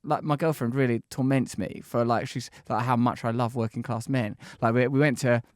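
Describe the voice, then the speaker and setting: A man's voice: medium pitch, steady tone, a little fast, dry recording, clean studio sound. A man with an English accent hosting a chat, rambling and self-mocking with florid turns of phrase. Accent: English, shifting toward working-class London. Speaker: podcast host. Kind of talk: casual interview chat.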